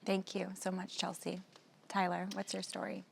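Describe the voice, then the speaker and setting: A woman hosting a panel conversation, thanking guests and inviting them to speak in a gentle, polite way. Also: lowish voice, completely flat delivery, normal speed, creaky, husky. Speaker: host.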